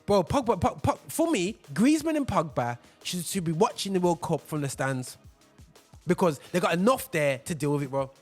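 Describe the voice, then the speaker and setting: A man's voice: sits high, normal speed, soft background music. A man hosting a casual football podcast, talking emphatically and often repeating himself as he argues his point. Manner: emphatic, animated, repeats words. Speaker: podcast host.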